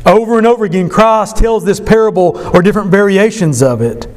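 A man's voice: sits high, brisk, in a large hall. A man preaching a sermon as pastor, emphatic, repeating key phrases and leading the congregation in call-and-response.

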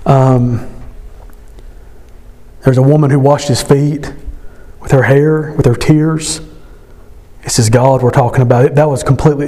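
A man preaching a sermon as pastor at a church service, impassioned, his voice climbing high when he stresses a point. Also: steady tone, a little slow, pauses often, mellow.

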